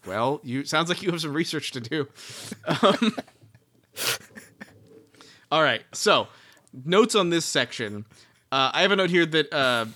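A man's voice: on the high side, expressive, slow pace, long pauses, sharp tone. A man co-hosting a casual book-discussion podcast, rambling and laughing, with lots of restarts. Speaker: podcast co-host.

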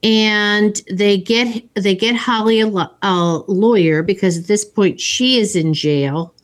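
A woman casually retelling a movie plot in a chat, slipping into the characters' lines as she goes. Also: medium pitch. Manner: slow, storytelling with acted quotes.

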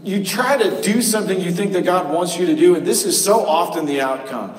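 A pastor preaching a sermon in a church sanctuary, conversational and joking. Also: male voice, high-pitched, brisk, far from the mic. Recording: cavernous echo from a live stream, voice from afar.

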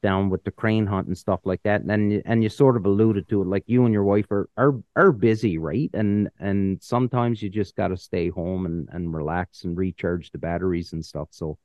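A man hosting a podcast, asking questions in a relaxed, friendly way. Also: sits low, moderate pace, hardly any pauses, dry recording, dull audio. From Ontario, Canada. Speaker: podcast host. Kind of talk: casual podcast interviewing.

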